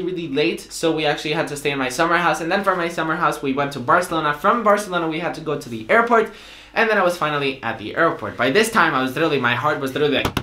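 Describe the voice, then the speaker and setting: A young man telling a story in a vlog, excitable and animated, acting out the dialogue. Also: high voice, reverberant. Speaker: vlogger.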